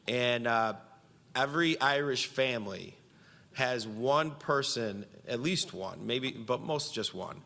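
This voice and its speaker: A man's voice: medium pitch, fairly bright tone, big-room sound. A man giving a conference speech from Central New York, telling a story and quoting himself and others with animation.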